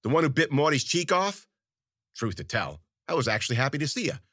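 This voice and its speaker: A man's voice: on the high side, sing-song, fairly quick, a bit bright, dry recording, clean studio sound. Crude, rambling male storyteller. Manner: crude, rambling, slangy and profane. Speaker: narrator. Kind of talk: first-person storytelling.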